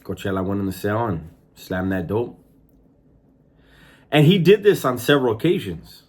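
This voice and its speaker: Husky-voiced man telling prison stories. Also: fairly low pitch, very animated, normal speed. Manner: profane, acts out voices in his story. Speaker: former prison inmate storyteller. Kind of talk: casual storytelling.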